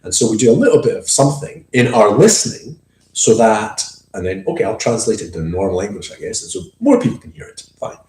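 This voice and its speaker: A man in casual conversation, animated and laughing, often acting out what people say and restarting sentences. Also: fairly low pitch, quick pace. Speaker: podcast co-host. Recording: roomy echo.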